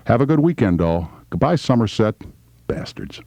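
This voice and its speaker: A male radio host in his fifties talking loosely off the air, wry and conversational with gruff asides. His voice sits low, and the studio microphone gives a dry, close sound with no room around it. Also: animated, moderate pace, darkish tone, dry recording. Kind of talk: off-air casual remarks.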